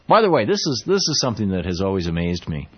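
A man hosting a political talk radio show, speaking in a halting, sarcastic monologue full of restarts. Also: deep voice, very animated, breathy edge, dull audio.

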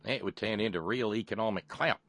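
A man playing an Australian salesman, brash, boastful, lowish voice, dry. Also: brisk, fairly bright tone, no room sound. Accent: put-on Australian. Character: brash Australian bloke pitchman, male, adult.

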